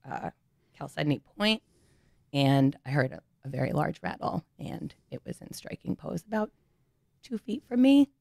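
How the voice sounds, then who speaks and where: A middle-aged woman archaeologist, a podcast guest, speaking in a low-key, matter-of-fact way with frequent pauses. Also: gravelly, darkish tone, no room sound, studio quality. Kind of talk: casual interview talk.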